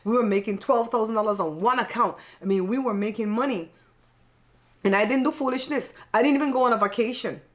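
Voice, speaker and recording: A woman's voice: fairly high pitch, brisk. A middle-aged woman hosting her own channel, chatting casually while she eats. She talks bluntly and frankly, swears lightly and laughs often. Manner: blunt and frank, plain-spoken with mild cursing. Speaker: channel host. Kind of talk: casual chat while eating.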